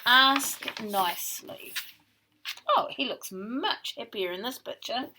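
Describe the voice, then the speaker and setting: A woman teacher reading a picture book to young children in an expressive storytelling manner. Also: on the high side, moderate pace, background noise.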